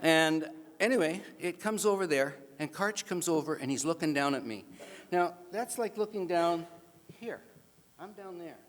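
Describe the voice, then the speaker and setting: At an awards event in a banquet hall, a Canadian man gives an animated, self-mocking storytelling speech, acting out the other people in his tale with different voices. His voice is on the high side at a normal speed, and the reverberant hall PA colors the sound.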